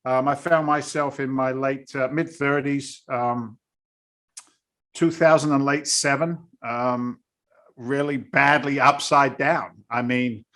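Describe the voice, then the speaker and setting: A man's voice: mid-range voice, steady tone, takes it slowly, bright, forceful tone. A man, a guest in a casual interview, telling his story bluntly and with animation. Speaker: guest, real estate investor.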